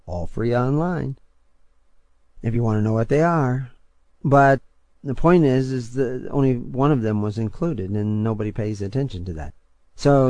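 An older man preaching on his radio show, talking in a rambling, conversational way and building to forceful, emphatic points. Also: medium pitch, no room sound.

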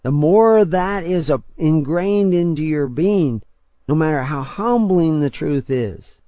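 An older man preaching on his radio show, talking in a rambling, conversational way and building to forceful, emphatic points. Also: fairly high pitch, dry recording.

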